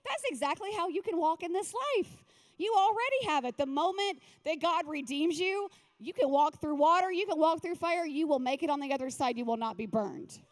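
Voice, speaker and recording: A woman pastor giving a lively, joking, conversational sermon at a women's retreat. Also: high-pitched, moderate pace.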